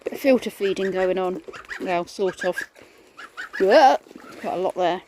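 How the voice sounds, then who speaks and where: A woman's voice: mid-range voice, a little slow, a little mellow, a little hiss or hum. A woman vlogging casually outdoors in a garden, chatting and rambling through her chores and stories. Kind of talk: casual vlog chat.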